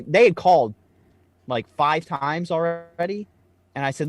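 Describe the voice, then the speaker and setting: A man co-hosting a casual podcast, telling stories with loose swearing and rising excitement. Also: fairly high pitch, normal speed, no room sound. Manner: storytelling, swears freely, animated when excited. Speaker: podcast co-host.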